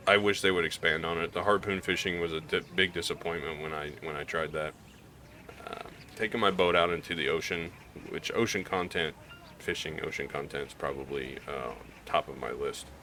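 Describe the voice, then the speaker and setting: A man's voice: low voice, fairly even intonation, moderate pace, sharp tone, a little hiss or hum. A man from Missouri with a slight Southern drawl, talking candidly in a rambling gaming vlog, with many restarts. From Missouri, US Midwest. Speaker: gaming YouTuber. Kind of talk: casual gaming vlog commentary.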